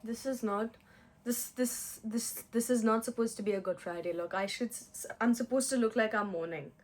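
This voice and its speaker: A young woman vlogger with a slightly high voice chats at a moderate pace while doing her makeup, with a little background noise. She's giggly, chatty and self-mocking, slipping into playful mock-Italian put-on phrases.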